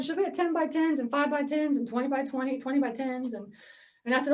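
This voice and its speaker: This woman speaks high-pitched and quick, recorded on a distant mic. A real estate investor from Georgia, US, she tells a meeting audience a casual, chatty tale of buying storage facilities, acting out phone calls and saying "like" and "okay?" often.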